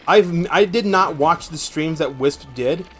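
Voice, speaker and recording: A young man with a gravelly voice, streaming a game from home and chatting in a rambling, profane way. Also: fairly high pitch, measured pace, fairly bright tone, faint music behind. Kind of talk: casual gameplay chat.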